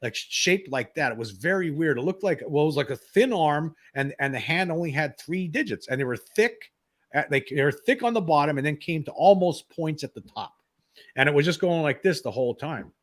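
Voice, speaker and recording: A man's voice: on the high side, lively intonation, fairly quick. A man in his fifties, a guest, recounting a personal experience with many restarts and repeats.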